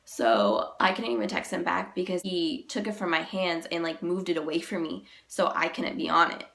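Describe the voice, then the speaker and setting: Young woman vlogging, sick so her voice sits low and gravelly, halting emotional retelling, says like a lot. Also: fairly bright tone. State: sick, voice deeper than usual. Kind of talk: personal storytelling vlog.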